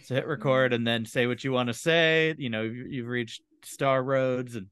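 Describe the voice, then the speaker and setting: A man's voice: mid-range voice, steady tone, moderate pace, a bit bright, clean tone, dry recording, studio quality. A man as a comedian guest on a casual podcast, jokey and giving step-by-step instructions with mock confidence.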